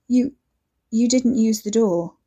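A frightened yet defiant young woman, played by a woman reader, stammering and tense. Her tone stays mellow and soft-edged even as she pushes back. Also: on the high side, normal speed, breathy edge, pitched above the performer's own voice.

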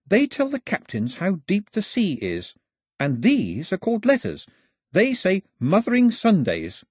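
A man voicing a nervous, eager young man who explains things in a high, hesitant voice. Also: huge pitch swings, measured pace, a little mellow, breathy edge, no echo, studio quality, full character voice.

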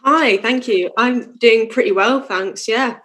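A woman's voice: fairly high pitch, takes it slowly, a bit bright. A young woman musician chatting casually in an interview, with lots of fillers and easy laughter. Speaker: musician guest.

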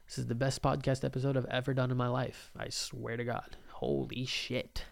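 A young man hosts his own podcast, delivering a casual solo monologue into a microphone with a rambling, laid-back manner. His medium-pitched voice is flat and fairly quick with vocal fry, and he swears freely and laughs often.

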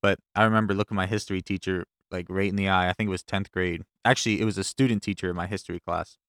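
A man's voice: low-pitched, fairly even intonation, very fast, a bit bright, smooth, no echo, studio quality. A young man co-hosting a podcast, telling laid-back stories in casual chat. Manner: laid-back storyteller, laughs easily. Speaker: podcast co-host.

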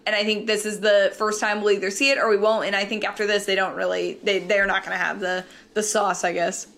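A young woman co-hosting a casual sports podcast, talking chattily with quick asides and easy laughs. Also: medium pitch, flat delivery, a bit bright. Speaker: podcast co-host.

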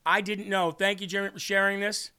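A man's voice: high-pitched, flat delivery, quick pace, sharp tone, clean tone. A man hosting a faith podcast, reading viewer comments aloud in an earnest, emotional way and tearing up. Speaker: podcast host.

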